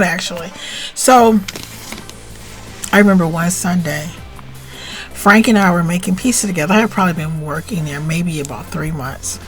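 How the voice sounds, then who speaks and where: A middle-aged woman telling a personal story on her video blog, swinging between plain recollection and tearful, animated outbursts. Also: normal speed, long pauses, faint music behind. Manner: emotional, animated retelling with rising pitch and tearful outbursts. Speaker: spiritual vlogger.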